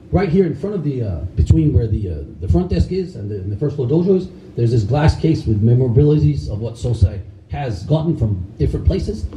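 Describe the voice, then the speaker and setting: A middle-aged man telling a story on stage in a casual, animated way, swearing freely. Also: mid-range voice. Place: stage in a large hall. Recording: roomy hall, mic at a distance, faint noise.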